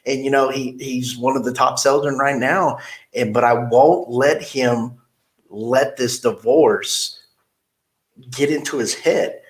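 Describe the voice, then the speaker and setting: A man's voice: medium pitch, fairly even intonation, takes it slowly. A man hosting a podcast, chatting casually and telling rambling, blunt stories. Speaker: podcast host. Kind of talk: casual interview chat.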